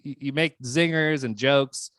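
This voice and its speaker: A man co-hosting a casual podcast chat, telling an anxious story and acting out the voices in it with sudden high yelps. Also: measured pace, fairly bright tone, no echo, studio quality. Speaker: podcast co-host.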